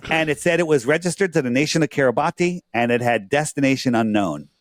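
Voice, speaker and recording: A man's voice: mid-range voice, animated, fast talker, no room sound, studio quality. A man being interviewed as a guest. He talks casually and earnestly, explaining things on his screen and checking in often with rhetorical questions.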